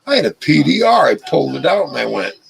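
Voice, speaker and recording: A man's voice: a little high, big pitch swings, fast, creaky, rough recording. A middle-aged man hosting a live stream, telling rambling stories in a casual way and swearing freely. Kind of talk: casual storytelling chat. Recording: music playing in background.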